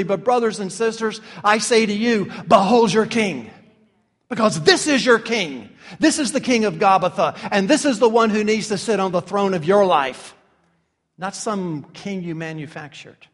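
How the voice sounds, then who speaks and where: A male preacher delivers an impassioned sermon in a high, ringing voice. He drives his points home with vivid, emphatic detail, and each line carries long reverb from a large room. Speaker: pastor.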